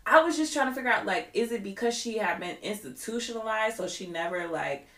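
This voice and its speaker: A woman's voice: mid-range voice, brisk, roomy sound. A woman co-hosting a podcast, chatting casually and with strong opinions. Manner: animated, opinionated, quotes others. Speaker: podcast co-host. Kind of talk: casual chat.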